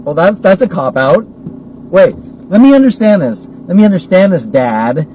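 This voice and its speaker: A man's voice: high-pitched, big pitch swings, normal speed, warm tone. A man in his forties in an agitated, repetitive monologue full of rhetorical questions, recorded while driving. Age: 40s. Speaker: vlogger. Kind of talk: ranting monologue. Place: in a driving car. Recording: noisy car recording.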